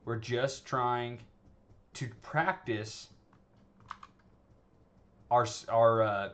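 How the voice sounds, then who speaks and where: A man's voice: mid-range voice, fairly even intonation, drawn-out words. A man teaching an animation tutorial in a loose, conversational way, often checking in with "okay?" and "right?" and restarting his sentences. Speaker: animation instructor. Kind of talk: screen-recorded tutorial, casual teaching.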